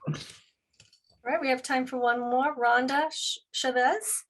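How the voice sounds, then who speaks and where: Woman, press interview moderator, high voice, breathy, polite and brisk. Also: steady tone, fairly bright tone.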